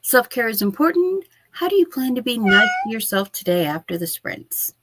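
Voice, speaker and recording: A woman's voice: fairly high pitch, sing-song, moderate pace, very noisy. A woman hosting a writing livestream from her home office, chatting casually and sleepily, yawning between remarks. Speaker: livestream host.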